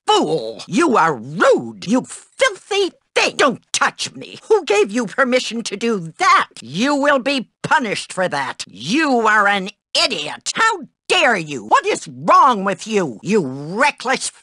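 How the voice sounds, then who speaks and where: A prim, easily outraged school dorm mother for a video game, scolding in a bright, sharp voice that leaps wildly up and down. She talks slowly and deliberately in a completely dry, close recording. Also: wildly swooping pitch, no echo, heavily acted. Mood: indignant. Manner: scolding and prim, swings into shrill outbursts.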